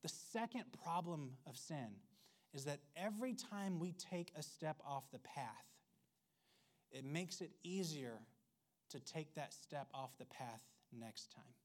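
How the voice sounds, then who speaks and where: A man's voice: a little high, expressive, takes it slowly. Conversational man preaching a sermon. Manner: conversational and wry, with playful asides. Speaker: pastor.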